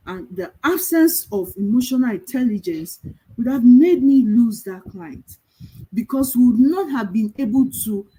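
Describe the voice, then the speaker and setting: Lady coaching virtual assistants, kinda high but mellow, a bit husky, calm storytelling. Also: poor audio. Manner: calm, storytelling, emphatic with rhetorical questions. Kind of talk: motivational talk.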